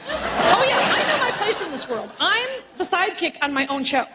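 A woman comedian performing a brash live stand-up set, teasing the crowd and swearing freely. She is on stage before a live audience, in a dull recording over loud crowd noise. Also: extremely high pitch, big pitch swings, moderate pace.

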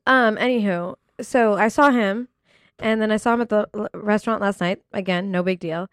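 A young woman telling a story in a casual chat, full of "like" and quick laughs. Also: mid-range voice, fairly even intonation, clear, resonant tone, no echo, clean studio sound. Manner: chatty, fillers like "like", laughs often.

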